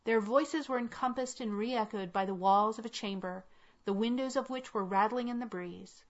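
A woman narrating a classic tale in a measured, unhurried reading. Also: on the high side. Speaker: audiobook reader. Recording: dull lo-fi recording.

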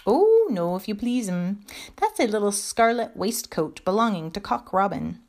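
A woman's voice: mid-range voice, very animated, normal speed, a little mellow. A woman voicing a stout, anxious hedgehog washerwoman in a storybook reading, chatty and deferential. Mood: polite, fussy. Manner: bobbing, deferential, chatty about the washing.

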